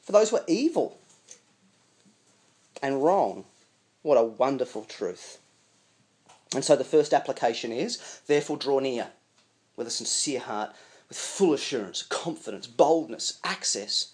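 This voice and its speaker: A man preaching a sermon in an animated, conversational way with chuckling asides. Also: mid-range voice, a little slow, pauses often.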